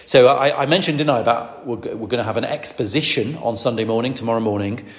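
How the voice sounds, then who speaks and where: A middle-aged man preaches at a middle pitch. He speaks emphatically, often repeating words and restarting phrases. His voice carries the long reverb of a large hall. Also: quick pace. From Lancashire, England. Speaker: preacher, ordained minister. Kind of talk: sermon.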